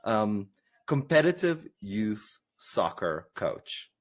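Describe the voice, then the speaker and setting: A man with a South African accent hosting a podcast interview, animated and prone to false starts. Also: on the low side, takes it slowly. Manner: animated, repeats words when starting. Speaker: podcast host. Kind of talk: interview conversation.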